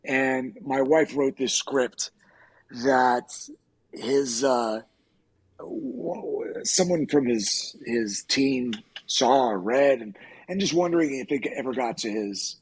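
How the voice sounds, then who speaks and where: A middle-aged man, an actor on a podcast, casually telling profane, animated stories and acting out quoted lines. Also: medium pitch, slow, slightly rough. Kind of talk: casual storytelling.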